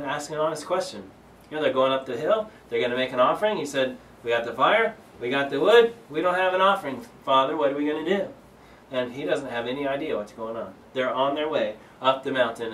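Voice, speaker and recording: A man's voice: medium pitch, roomy sound, distant mic, slight background noise, low-quality recording. A man leading a Bible study, reading scripture aloud and explaining it earnestly, with many fillers and restarts. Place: church room.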